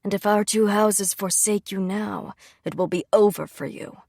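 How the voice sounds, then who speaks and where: A composed nobleman delivers a soft, calm warning, as a woman reader puts him on. He is quietly dismissive, with a husky, hushed tone in a storybook reading. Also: mid-range voice, normal speed, dry recording, studio quality. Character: composed middle-aged nobleman, uncle.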